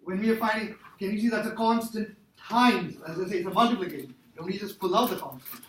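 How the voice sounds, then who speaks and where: A man's voice: sits high, fast, fairly bright tone, slight background noise. A man teaching a math class, emphatic and repetitive as he quizzes his students. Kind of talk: classroom lecture. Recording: echoey classroom from far off.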